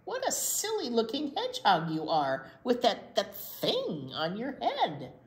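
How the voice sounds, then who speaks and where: A lazy barn cat, voiced by a woman reading a picture book, drawling its teasing words slowly from above. The room gives a clear echo. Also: fairly high pitch, huge pitch swings.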